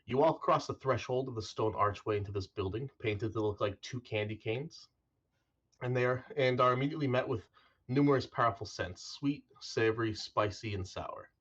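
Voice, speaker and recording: A man narrating as dungeon master in a tabletop game, descriptive and unhurried, on dull lo-fi stream audio. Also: mid-range voice, a bit bright, slightly rough.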